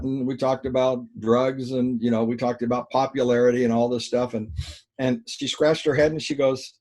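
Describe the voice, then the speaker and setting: An American man in his role as a life coach, telling an interview anecdote with a slightly husky voice at a middling pitch. He talks in a lively way and plays out both sides of the conversation as he goes. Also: fairly quick. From United States. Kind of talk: storytelling in an interview.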